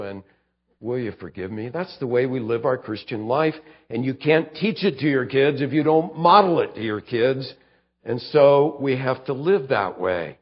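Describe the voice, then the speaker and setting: A pastor preaching in an easy conversational way, dropping into little acted quotes and repeating words as he restarts a thought. He is a man with a medium-pitched voice. The recording sounds a bit dull and lo-fi. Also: lively intonation, normal speed. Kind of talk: sermon.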